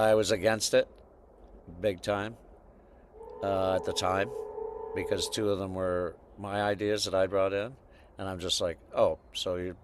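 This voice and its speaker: A man's voice: deep voice, noisy background. A man being interviewed as a guest musician, telling stories in a reflective, meandering way over a video call. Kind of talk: casual interview conversation.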